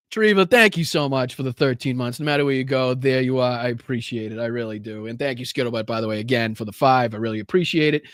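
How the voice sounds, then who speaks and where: A man's voice: medium pitch, fairly quick, smooth, dry recording, clean studio sound. A man with a Boston accent hosting a political livestream, swearing freely, laughing and thanking viewers while he catches his breath. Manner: profane, rowdy, laughing, out of breath. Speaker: political show host. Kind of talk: profane livestream commentary and viewer shout-outs.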